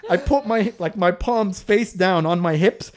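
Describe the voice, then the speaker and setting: A man in casual podcast chat, telling a travel story with lots of acted-out moments and laughter. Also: measured pace. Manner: animated, acts out scenes with rising pitch, laughs often.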